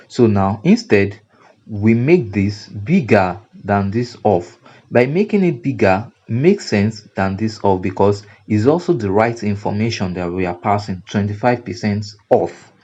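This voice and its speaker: A man's voice: fairly low pitch, darkish tone. A man with a Nigerian accent teaching a graphic design class, explaining step by step in a repetitive way, often adding "now" and "you see". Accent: Nigerian English. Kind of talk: screen-recorded tutorial lecture. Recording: dull lo-fi recording.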